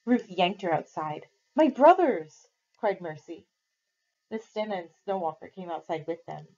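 A woman, a teacher, reading a novel aloud to her class in a steady, clear way. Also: lowish voice, normal speed, dull audio.

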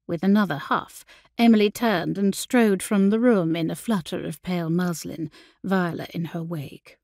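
A woman reading a period audiobook in a measured, expressive storytelling manner. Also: on the low side, creaky, no room sound, studio quality. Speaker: audiobook narrator. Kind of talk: scripted audiobook narration.

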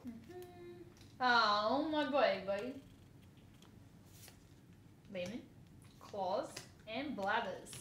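Woman, relaxed unboxing chatter, bright lilt, slightly higher voice, roomy echo. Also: drawn-out words, long pauses. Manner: chatty, giggly, squeals over cute cards. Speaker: vlogger. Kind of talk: casual unboxing commentary. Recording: echoey room, faint noise.

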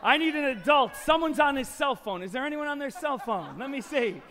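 A man performing a slapstick magic show for children, loud and excitable, shouting playfully to the audience from a concert hall stage. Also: very high voice, brisk, some chatter behind. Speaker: family magician. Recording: long hall reverb.

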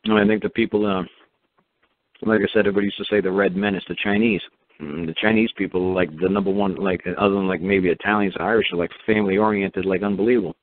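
A man's voice: sits low, steady tone, quick pace. A man ranting casually and sarcastically, acting out mock exchanges, with many restarts and fillers. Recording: dry tinny phone line.

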